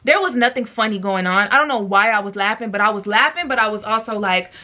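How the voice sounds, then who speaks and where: A woman's voice: mid-range voice, quick pace, bright, forceful tone. A young woman telling a storytime vlog in a chatty, slangy way, full of fillers and talking straight to her viewers. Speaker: storytime vlogger.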